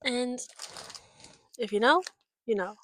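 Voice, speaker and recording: A woman's voice: fairly high pitch, slow, dry recording. Frank, rambling young woman vlogger. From United States. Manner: rambling, frank, swears often, many fillers. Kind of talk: casual chat.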